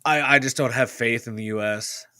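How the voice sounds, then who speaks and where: A man's voice: medium pitch, a little fast, sharp tone, dry recording. A man from the Pittsburgh area co-hosting a sports podcast, chatting loosely with lots of fillers and swearing. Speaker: podcast co-host. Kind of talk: casual sports chat.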